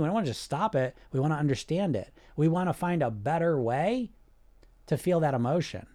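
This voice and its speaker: A man hosting a podcast as a weight loss coach, talking directly and casually, often throwing in rhetorical questions and check-ins. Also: on the high side. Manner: direct and animated, asks rhetorical questions and checks in with "right?" and "you see?"; casual, sometimes swears.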